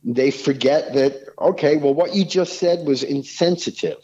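A man, talking as a podcast guest in rambling, animated stories full of restarts. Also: on the high side, moderate pace, muffled recording. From New York City. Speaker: rock singer, podcast guest. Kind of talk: casual podcast conversation.

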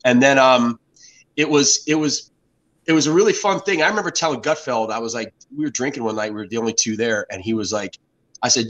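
A man's voice: medium pitch, fairly quick, a bit bright, rough recording. An American man in his fifties, a guest telling rambling stories in a casual interview, often restarting his sentences. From United States. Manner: rambling storyteller with frequent restarts.

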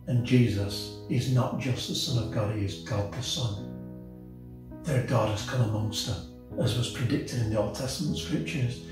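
Preacher guy giving a heartfelt sermon, faint guitar playing under him, big echoey church. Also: a little high. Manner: earnest, impassioned preaching. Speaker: senior pastor. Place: church auditorium. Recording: echoey church hall, mic at a distance. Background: soft guitar music.

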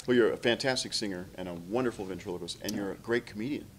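A man hosting a casual interview, enthusiastic and quick to laugh. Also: lowish voice, slight background noise. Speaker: host, puppet designer.

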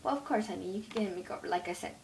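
A woman voicing a sweet, fussy mother pet in a home-made toy pet role-play, who talks gently and calls everyone honey. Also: medium pitch, very fast, vocal fry, a little hiss or hum, close to an everyday voice, low-quality recording. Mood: gentle.

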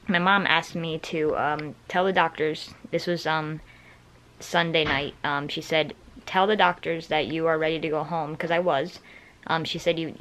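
A man's voice: fairly high pitch, bright, forceful tone, poor audio. A young man vlogging casually from a hospital room, tired after surgery, rambling with many fillers and restarts. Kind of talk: casual vlog chat.

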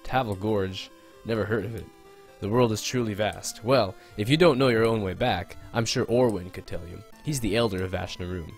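A man voicing a calm, earnest young male guide in a video game, speaking formally. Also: on the low side, soft background music, natural voice. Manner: formal, measured.

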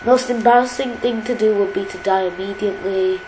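A woman's voice: mid-range voice, a little fast. A woman hosting her gaming channel, chatting casually and poking fun at herself while she plays. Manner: chatty, self-deprecating, easily excited. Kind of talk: casual game commentary. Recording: roomy echo, faint background hiss.

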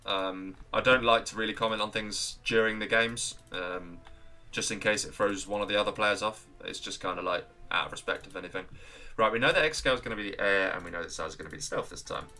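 A man with an English accent doing chatty, excitable live commentary on a strategy game match, greeting viewers along the way. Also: fairly low pitch, fast talker.

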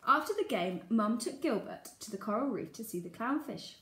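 Expressive teacher reading aloud. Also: female voice, fairly high pitch, normal speed, slight background noise. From England. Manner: expressive, lively read-aloud. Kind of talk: children's story reading. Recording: echoey room.

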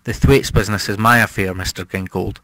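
A man's voice: lowish voice, steady tone, brisk, pushed and bright, no room sound. A man reading an audiobook, voicing an irritable, cold-blooded male moneylender who snaps indignantly. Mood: angry. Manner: snappish, indignant.

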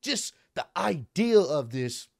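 Excitable young man recapping wrestling. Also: fairly high pitch, slow pace, creaky, dry recording, studio quality. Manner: excitable, animated play-by-play with swearing and slang.

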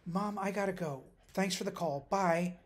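A man voicing a hungover young woman coder with a dry, gently teasing manner, in audiobook narration. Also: high voice, lively intonation, moderate pace, voice pushed up. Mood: sheepish.

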